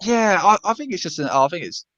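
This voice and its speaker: A man's voice: high-pitched, sing-song, fairly quick, fairly bright tone, no echo. A chatty English man with a West Country accent, talking casually and laughing easily. He often restarts his sentences. His voice comes over a dull, dry voice-call line. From England. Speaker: charity stream host. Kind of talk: casual chat.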